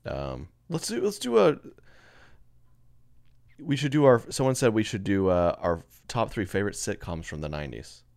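A man's voice: fairly low pitch, big pitch swings, moderate pace, vocal fry, a little mellow. A young man co-hosting a casual podcast, joking and laughing often. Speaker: podcast co-host. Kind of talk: casual chat.

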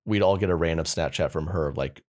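A young man with a very low, deep voice tells a story on a podcast. He rambles loosely and casually, with plenty of fillers along the way. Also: brisk, darkish tone. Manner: laid-back rambling storyteller. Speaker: podcast co-host. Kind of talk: casual chat.

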